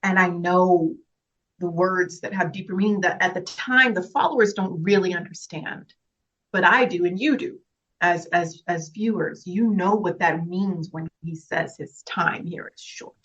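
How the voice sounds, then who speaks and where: A woman's voice: on the low side, a little slow, a bit bright, breathy edge. Actress lady getting misty, heartfelt, kinda muffled lo-fi audio. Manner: heartfelt, earnest, laughs through tears. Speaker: actress guest. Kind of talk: emotional interview talk.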